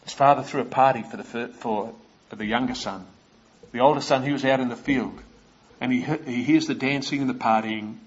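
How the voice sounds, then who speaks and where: A man's voice: mid-range voice, moderate pace, slightly rough, muffled recording. A man preaching a sermon, retelling stories and asking his listeners questions.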